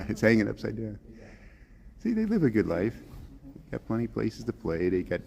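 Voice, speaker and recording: A man's voice: fairly low pitch, sing-song, measured pace, gravelly, darkish tone. A man live-streaming on a phone as he walks outdoors through a zoo in the snow, chatting casually, laughing often and answering viewer comments. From Chicago area.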